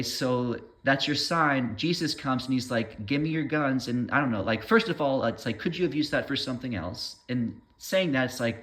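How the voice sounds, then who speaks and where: A man's voice: mid-range voice, a bit bright. A man rambling through an opinion monologue, trailing off mid-thought and waving his own points away with "never mind.".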